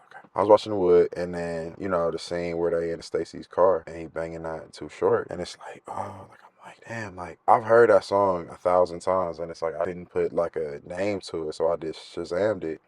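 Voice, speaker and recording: A man's voice: sits low, steady tone, a little fast, a little mellow. A young man and rapper vlogging from inside a car, talking in a laid-back, rambling, profane way and half-singing some phrases. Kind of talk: casual vlog monologue. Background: hip hop music.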